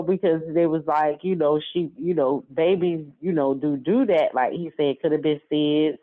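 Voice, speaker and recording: Rambling woman telling a story, lo-fi. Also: low voice. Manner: rambling, repeats words, many fillers. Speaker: guest. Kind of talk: personal story told in conversation. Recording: dull lo-fi sound.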